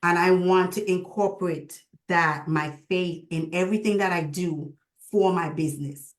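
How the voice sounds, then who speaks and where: A woman's voice: on the low side, normal speed, reverberant. A woman hosting a video call, speaking in a heartfelt, prayerful and emotional way. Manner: prayerful and emotional, with lively retold dialogue. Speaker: host.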